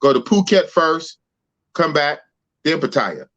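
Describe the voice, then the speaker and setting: A man from Oakland, California, hosts a podcast with slangy, playful casual chat. His voice sits notably high. The stream audio is dull and muffled. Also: big pitch swings, measured pace, fairly bright tone. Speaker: podcast host.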